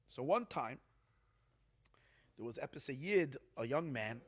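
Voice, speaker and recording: A man's voice: mid-range voice, expressive, unhurried. A man, a rabbi, telling a dramatic story at an evening gathering, acting out the quotes and repeating words to build suspense. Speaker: rabbi telling stories of tzadikim.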